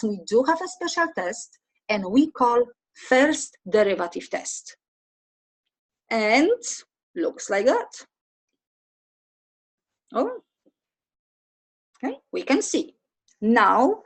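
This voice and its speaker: Woman math lecturer, high husky voice, step-by-step, asks students questions. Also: rough recording. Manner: talks through steps, asks students questions. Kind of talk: recorded lecture over slides.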